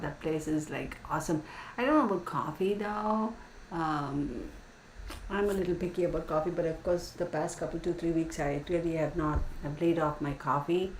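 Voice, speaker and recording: This is a channel host with a low voice, heard from a distant mic in an echoey room with faint hiss. She's running a casual livestream, chatting through stories, laughing often and addressing folks as y'all.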